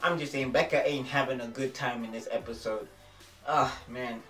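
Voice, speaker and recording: A man casually reviewing a TV episode in a vlog, excitable and slangy, often repeating phrases. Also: medium pitch, moderate pace. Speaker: TV show reviewer. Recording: roomy echo, distant mic, faint music.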